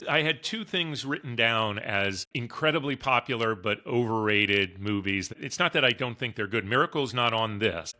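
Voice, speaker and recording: A man's voice: medium pitch, lively intonation, normal speed, sharp tone. A man co-hosting a sports podcast who gives candid, blunt opinions in casual chat. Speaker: podcast co-host.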